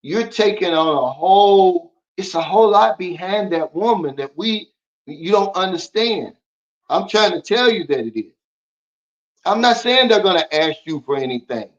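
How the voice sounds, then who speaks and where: Reading out viewer comments and replying bluntly and preachily, this livestream host speaks in a high, animated voice at a moderate pace. The sound is lo-fi, and the talk is casual.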